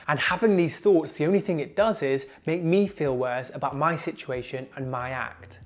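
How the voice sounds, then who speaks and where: A young man giving an earnest, measured motivational talk to camera, slowing down to stress key points. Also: fairly high pitch. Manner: earnest, measured, slows down for emphasis. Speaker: junior doctor and comedian, video host.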